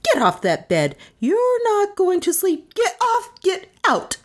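A woman voicing a frazzled, hot-tempered young woman who shouts and complains in a shrill voice. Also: very animated, takes it slowly, heavily acted. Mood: shouting.

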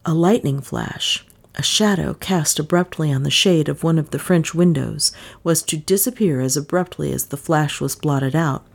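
A woman narrating an audiobook in a measured, unhurried reading voice. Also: sits low, vocal fry, breathy edge.

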